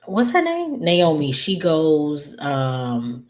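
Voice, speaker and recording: A woman hosting her own channel, casually recapping a TV episode with lots of fillers, rambling asides and quick apologies. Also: deep voice, huge pitch swings, darkish tone. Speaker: YouTube TV recap host.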